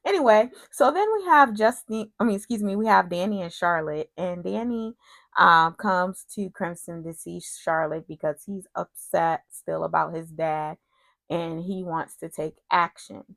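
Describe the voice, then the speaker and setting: Woman vlogger, low register with fry, chatty and digressive. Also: unhurried, a bit bright, dry recording. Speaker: soap opera recap vlogger. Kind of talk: casual recap.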